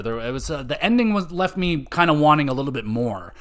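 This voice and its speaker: A young man hosting a podcast, rambling excitedly and cursing freely as he reviews a game. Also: mid-range voice, fast talker, hardly any pauses. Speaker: podcast host. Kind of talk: casual game review chat.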